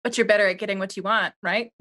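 A woman playing in an online tabletop game, with quick banter and casual swearing. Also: medium pitch, steady tone, sharp tone. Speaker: player.

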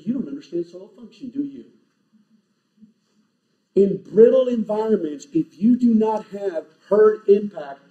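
A man giving an animated, emphatic lecture to a live audience, speaking in short punchy phrases. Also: high voice. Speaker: conference speaker. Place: large lecture hall. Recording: echoey hall, distant, dull lo-fi.

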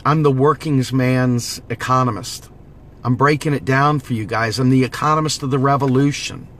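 A man's voice: medium pitch, steady tone, normal speed, a bit bright, a little hiss or hum. Urgent, preachy man rallying viewers. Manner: preachy, urgent, repeats slogans. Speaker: political vlogger. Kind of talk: impassioned direct-to-camera monologue.

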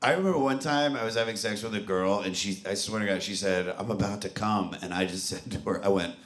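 A man's voice: fairly low pitch, fast, a bit bright. A man joking wryly as a guest on a live comedy podcast. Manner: wry, joking. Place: live stage before a crowd. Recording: roomy live venue sound.

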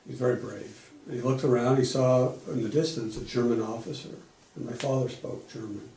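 A man's voice: medium pitch, steady tone, a little fast, vocal fry, dark tone, distant mic. A middle-aged man giving an oral history interview, retelling events plainly and explaining things as he goes, often restarting his sentences. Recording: echoey room.

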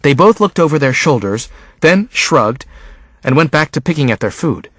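A man narrating a novel in the first person as an audiobook reader, with an expressive, unhurried delivery. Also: a little high, husky, no room sound.

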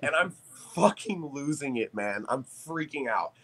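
A man, a podcast guest, telling a story in casual chat, animated and profane, laughing as he talks. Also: on the high side, unhurried.

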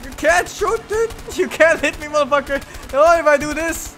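Streamer agudo e fanfarrão. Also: male voice, very high voice, normal speed, faint music behind. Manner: boastful, yelling, profane. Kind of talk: casual gaming commentary.

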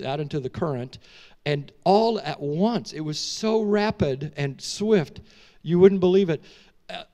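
High-voiced man preaching a dramatic story. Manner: animated, dramatic storytelling with many restarts, asks the audience questions. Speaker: guest preacher. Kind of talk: storytelling sermon. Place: church sanctuary.

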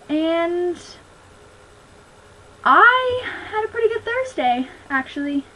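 A woman's voice: extremely high pitch, sing-song, takes it slowly, pauses often, a bit bright, a little hiss or hum, low-quality recording. A young woman chatting casually in a video diary, bouncy and self-conscious. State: out of breath. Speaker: vlogger.

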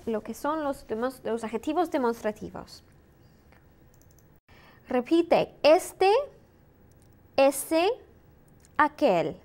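A woman teaching a Spanish lesson, saying each word slowly and clearly and repeating it in drills. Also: sits high. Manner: slow, clear drilling with repetition. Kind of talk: recorded language lesson.

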